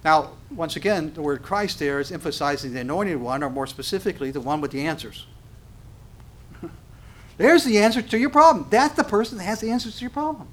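A man preaching a sermon on scripture, animated, acting out little dialogues and often laughing. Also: sits high, brisk.

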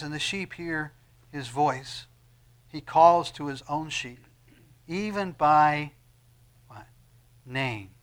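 A man preaching a sermon, swinging between soft, low asides and loud, emphatic peaks, with frequent restarts. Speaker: pastor.

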